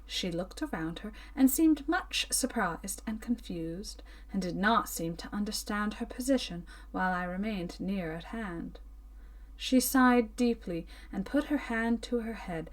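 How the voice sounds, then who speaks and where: A woman reading a Victorian story aloud in slow, expressive audiobook narration. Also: medium pitch, distant mic. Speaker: audiobook reader.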